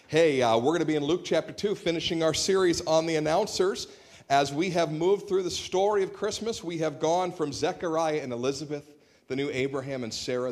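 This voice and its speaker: A man preaching a sermon in a church, conversational and humorous, telling stories on a shared microphone. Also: mid-range voice. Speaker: pastor. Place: church sanctuary.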